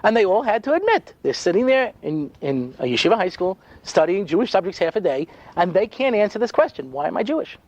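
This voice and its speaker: A man's voice: sits high, sing-song, a little fast, no room sound, muffled recording. A man speaking as a rabbi, telling stories with wry sarcasm and lots of asides in a humorous lecture.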